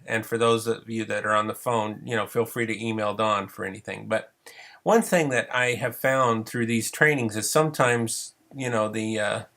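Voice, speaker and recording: Running a casual online training session, a middle-aged counseling supervision trainer whose voice is going sounds medium-pitched, pushed and bright. He rambles chattily, full of filler words.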